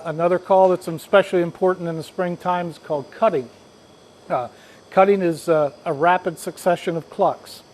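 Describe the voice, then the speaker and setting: A man's voice: high voice, darkish tone, low-quality recording. A man teaching a group how to hunt turkeys, speaking in a folksy, rambling way with frequent restarts. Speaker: hunting instructor. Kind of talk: casual spoken instruction.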